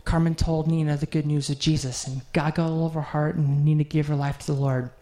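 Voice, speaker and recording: A man's voice: on the high side, little pitch movement, fairly quick, warm tone. A middle-aged man preaching a sermon, telling a heartfelt story in an earnest way and closing in prayer.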